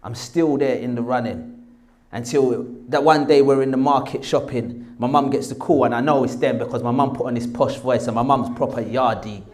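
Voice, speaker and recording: A man telling a lively personal story, acting out the voices of the people in it. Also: medium pitch, moderate pace. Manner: animated, acts out quoted voices. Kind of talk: casual anecdote.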